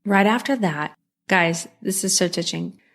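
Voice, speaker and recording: A woman's voice: medium pitch, a little slow, vocal fry, a bit bright. A woman hosting a solo mindset podcast, talking earnestly and from the heart, repeating phrases for emphasis. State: moved, near tears. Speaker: podcast host.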